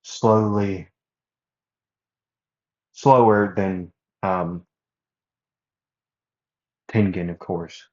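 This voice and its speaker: Slow, low-voiced man rambling a fan story. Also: fairly even intonation, a little mellow, lo-fi sound. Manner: rambling, full of fillers and self-corrections. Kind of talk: casual fan-fiction narration.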